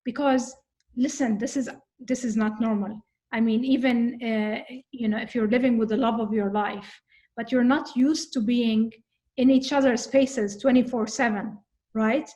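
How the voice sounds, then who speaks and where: A woman with a somewhat high-pitched voice talks through her thoughts in an easygoing conversation. She is earnest and reflective, often stopping on little fillers as she searches for words. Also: fairly even intonation, unhurried, warm tone. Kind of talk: casual conversation about coping with anxiety.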